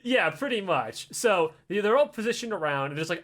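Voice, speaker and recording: A man co-hosting a podcast, telling a story in an excitable, profane way and acting out its parts. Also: high-pitched, moderate pace. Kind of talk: animated storytelling.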